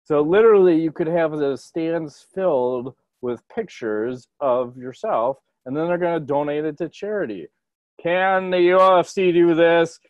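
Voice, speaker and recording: A man hosting a casual podcast over a video call, talking in an excitable, profane and jokey way. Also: a little high, unhurried, no room sound, dull audio. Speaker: podcast host.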